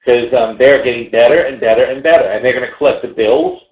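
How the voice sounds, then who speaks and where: A man hosting a live trading webinar in a casual, animated way, digressing and swearing freely. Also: mid-range voice, fast talker. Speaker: webinar host and trading educator. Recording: roomy, slightly dull sound.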